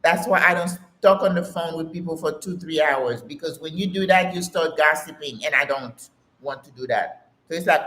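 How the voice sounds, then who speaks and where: A woman's voice: low-pitched, normal speed, fairly bright tone. A woman in her sixties talks straight to camera, emphatic and a bit preachy, calling her listeners sis. Her voice rings out in a roomy, echoey space. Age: 60s. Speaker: channel host. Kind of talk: casual motivational talk to camera.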